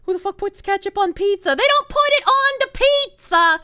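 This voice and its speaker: High, animated woman ranting on stream. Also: moderate pace. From Boston. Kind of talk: casual live-stream chat.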